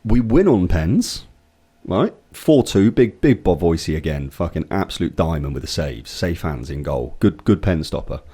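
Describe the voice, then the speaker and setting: A young man chats on a casual podcast, acting out the people in his anecdotes as he goes. His voice is mellow and darkish but swings widely in pitch, and he swears freely. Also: normal speed, husky. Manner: animated storytelling, swears often, acts out voices in anecdotes. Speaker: podcast co-host. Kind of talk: casual chat.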